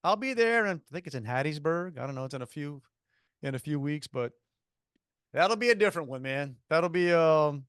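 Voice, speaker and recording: This podcast co-host is a man whose voice sits on the high side, bright, clear, and resonant, captured as clean studio sound without echo. Brisk and animated, he rambles through casual, jokey chat and keeps cutting himself off to start sentences over.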